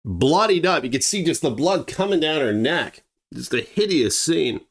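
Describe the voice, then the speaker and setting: Male storyteller, conversational, emphatic delivery, slightly high pitch. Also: very animated, normal speed. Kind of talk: dramatic true-story narration.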